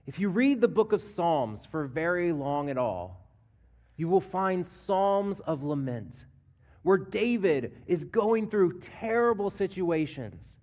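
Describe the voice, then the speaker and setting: A man pastor preaching a sermon, earnest, dropping to a hush and then rising as he voices scripture. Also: high-pitched, very animated, slow pace. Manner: earnest preaching that drops to a hush and swells when voicing scripture. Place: church sanctuary.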